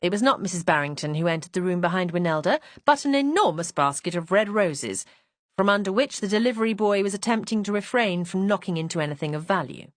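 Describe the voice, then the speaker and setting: Woman audiobook narrator, composed and expressive, lively pitch, dry close sound. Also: fast, no room sound. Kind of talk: scripted first-person narration.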